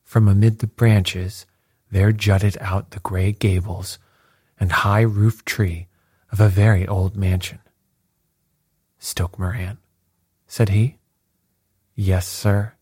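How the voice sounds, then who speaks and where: A man narrating a story in a slow, measured way, with a husky voice. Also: on the low side, little pitch movement, a little mellow, no echo, clean studio sound. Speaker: audiobook narrator. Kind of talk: scripted narration.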